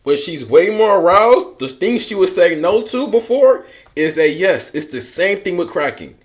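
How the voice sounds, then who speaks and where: A man's voice: sits high, very animated, moderate pace. Blunt slangy man lecturing. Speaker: dating advice host reacting to a clip. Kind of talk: casual reaction commentary.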